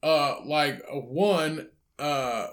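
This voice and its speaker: Young guy podcast cohost, swears a lot, ribbing his buddy, kinda high voice. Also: very slow. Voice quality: loud, profane and teasing. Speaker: podcast co-host. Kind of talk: crude casual banter.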